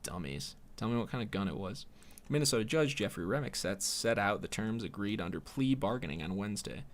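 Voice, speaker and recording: A man with a low voice hosts a solo podcast in a rambling, sardonic monologue. He swears freely. His pitch swings widely as he goes. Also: lively intonation, a little fast. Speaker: podcast host.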